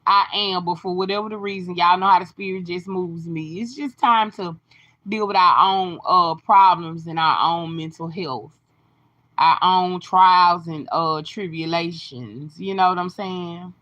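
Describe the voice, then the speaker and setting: A woman's voice: fairly low pitch, fairly even intonation, normal speed, bright, forceful tone, lo-fi sound. A woman hosting a casual phone live stream, greeting viewers by name and giving encouraging, sermon-like talk. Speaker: livestream host.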